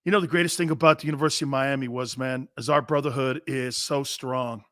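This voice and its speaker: A middle-aged man hosting a sports talk show, rambling and telling stories with loud bursts and laughter. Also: mid-range voice, fast, no echo, clean studio sound. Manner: loud, excitable, storytelling with bursts of shouting and laughter.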